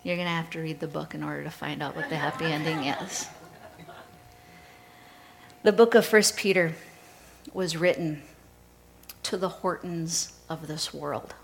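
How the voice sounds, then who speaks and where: A woman pastor preaching a sermon in a measured storytelling way. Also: sits low, fairly even intonation, vocal fry, poor audio.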